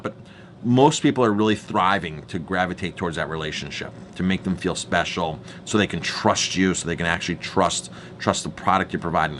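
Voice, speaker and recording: Earnest middle-aged chef for a staff training talk, lowish voice, faint background noise. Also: male voice, fairly bright tone. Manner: earnest, emphatic, repeats words as he goes. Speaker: chef and restaurant owner.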